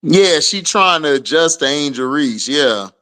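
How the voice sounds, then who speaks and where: A man's voice: a little high, expressive, a little slow, pushed and bright, clear, resonant tone. A man giving casual, slangy live commentary on a game while greeting viewers, often laughing as he trash-talks the players.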